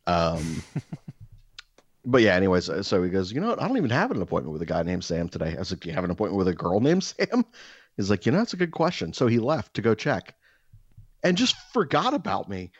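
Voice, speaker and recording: A man co-hosting a podcast, telling a story in casual chat, animated and swearing as he acts out quotes. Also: low voice, brisk, breathy edge, no echo, muffled recording. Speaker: podcast co-host.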